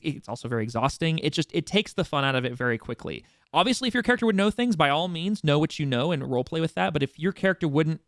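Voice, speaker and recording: A man's voice: mid-range voice, fairly bright tone, no room sound, clean studio sound. A man hosting a casual community meeting for a roleplay server, rambling through reminders with frequent restarts and fillers. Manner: informal, occasionally swears for emphasis. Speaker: roleplay server staff host.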